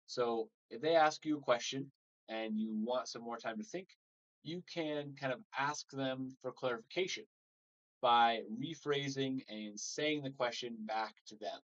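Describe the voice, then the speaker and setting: A man gives a live English lesson in a relaxed, explaining way, stringing points together with "so" and "all right." His voice sits in a middle register. The audio is a little dull and lo-fi. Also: mid-range voice, unhurried. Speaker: English teacher.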